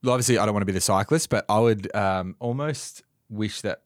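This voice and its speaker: A man's voice: fairly low pitch, fairly quick, no echo, studio quality. A young man co-hosting a podcast, rambling and searching for words in casual chat. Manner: rambling, hesitant with fillers. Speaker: podcast co-host.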